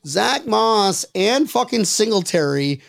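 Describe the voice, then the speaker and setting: A brash man hosting a podcast, his voice pitched high with a gravelly, fried edge. He jokes loudly and swears freely among friends. The sound is dry and close. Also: big pitch swings, slow pace, dry recording. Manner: brash, profane, loud and joking. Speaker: podcast host. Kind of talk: casual chat.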